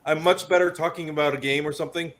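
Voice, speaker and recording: Chatting casually on a convention panel, a man describes the tabletop game he made in a slightly high, somewhat bright voice with fairly even intonation. He talks fast and at length, restarting often, and a recurring cough leaves him sounding slightly choked up.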